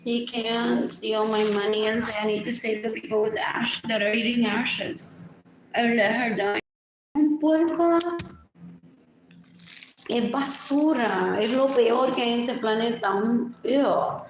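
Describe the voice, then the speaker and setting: A woman's voice: on the high side, measured pace, echoey room, a little hiss or hum, poor audio. A woman livestreaming a rambling, repetitive monologue, muttering and switching between languages.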